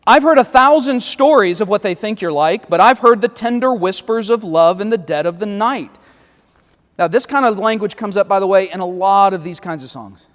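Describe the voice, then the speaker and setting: A man's voice: high-pitched, moderate pace, in a large hall. A man leading a church Bible study, reading lyrics aloud and critiquing them with wry, sarcastic asides.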